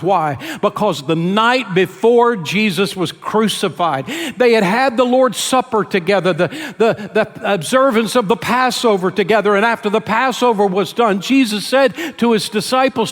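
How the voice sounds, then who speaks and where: A man's voice: high-pitched, normal speed, few pauses, fairly bright tone, long reverb tail. A man preaching a sermon as pastor, retelling a scripture story in an earnest storytelling manner. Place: church sanctuary.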